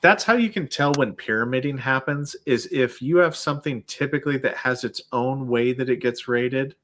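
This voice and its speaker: A man's voice: mid-range voice, normal speed, fairly bright tone. A man, a guest who has processed claims, explaining plainly in casual chat with lots of "like" and fillers.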